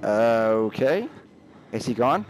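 A man's voice: medium pitch, big pitch swings, takes it slowly, a little hiss or hum. A young man giving let's play commentary, jumpy and nervous, talking back to the game's characters. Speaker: gamer.

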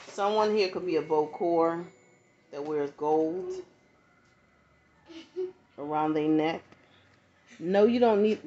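A woman with a low, dark-toned voice gives a casual tarot reading, speaking directly to her viewers. She's conversational and not from the American South, with frequent asides and check-ins. The lo-fi audio sounds dull, with faint background noise.

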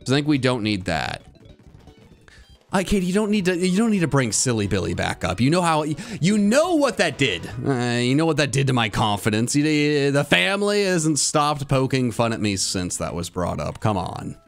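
Animated male game streamer. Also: medium pitch, moderate pace, faint music behind. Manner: animated, jumps to loud frustrated outbursts. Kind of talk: live gameplay commentary.

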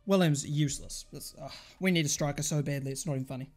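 A young man streaming a football video game, swearing constantly and switching between shouted outbursts and muttered grumbling at the match. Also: a little high, fast talker, faint music behind. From England. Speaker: gaming streamer. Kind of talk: live gameplay commentary.

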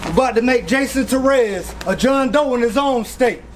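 A man from South Carolina delivers boastful, aggressive battle rap in a strikingly high voice. He breaks into shouts and hype ad-libs, over a noisy live recording full of crowd ambience. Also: moderate pace. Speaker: battle rapper.

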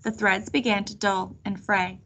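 A woman reading a children's chapter book aloud in a steady storytelling manner. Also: mid-range voice, measured pace. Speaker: reader.

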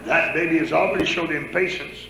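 In an echoey church sanctuary, a man preaches a sermon in a conversational style, pausing to ask the congregation questions. His voice is fairly high and sharp, a little fast, with vocal fry.

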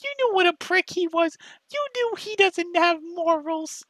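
Squeaky whiny young dude, nagging the same questions over and over, bright and tight sound, dry close mic. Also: male voice, measured pace, dry recording, low-quality recording. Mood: whiny pleading. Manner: nagging, repetitive, shrill questioning. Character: whiny, self-pitying young man berating a rival. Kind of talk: mocking impression in a commentary video.

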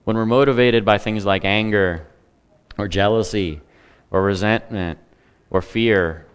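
A man's voice: lowish voice, fairly even intonation, unhurried, smooth. A man preaching a sermon in a conversational way, with humor and asides to the congregation. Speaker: pastor.

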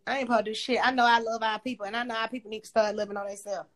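A woman's voice: on the high side, steady tone, racing. A young woman hosting a casual livestream chat, talking bluntly and profanely as she rants at her critics. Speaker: livestream host.

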